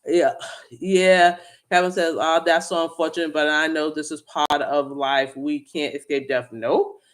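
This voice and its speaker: A woman's voice: sits low, fairly even intonation, a little slow. A woman hosting a livestream, talking candidly and earnestly to viewers, with frequent restarts. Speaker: livestream host. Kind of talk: casual livestream chat.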